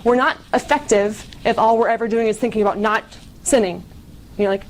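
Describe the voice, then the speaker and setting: A young woman with a fairly high voice tells her story at a conference, earnest and confessional, often rushing through phrases with a casual "like". A faint hiss of noise sits under the live recording. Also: a little mellow, poor audio. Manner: earnest, confessional, quick bursts with lots of "like". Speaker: conference speaker. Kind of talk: personal testimony talk.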